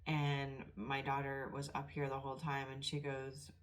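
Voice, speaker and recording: A middle-aged woman giving a casual tarot reading, emotional and close to tears, talking in a soft, rambling way. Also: extremely low pitch, monotone, normal speed. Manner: emotional, tearful and soft-spoken. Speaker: tarot reader.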